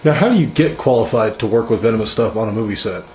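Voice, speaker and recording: A man's voice: fairly low pitch, lively intonation, fast, darkish tone. A man interviewing a guest, attentive, asking questions and often laughing along. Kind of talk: casual interview. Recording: echoey room with mains hum.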